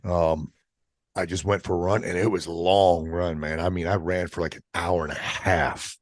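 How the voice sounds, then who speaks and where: A middle-aged man, a military veteran guest on a podcast, telling a personal story in a casual, profane way, halting and restarting as he goes. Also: deep voice, level tone, no room sound, clean studio sound. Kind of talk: candid storytelling in an interview.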